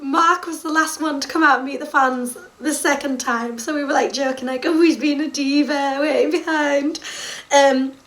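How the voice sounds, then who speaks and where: Young woman, high voice, excitable, gushing, casual vlog storytelling. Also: distant mic. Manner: gushing and excitable, full of likes and ums. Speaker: music fan vlogger.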